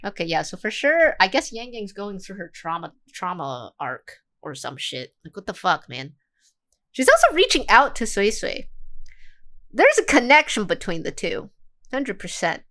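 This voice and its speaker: Animated, sarcastic young woman streamer. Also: medium pitch, moderate pace. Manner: animated, sarcastic, swears freely. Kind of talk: casual livestream reaction.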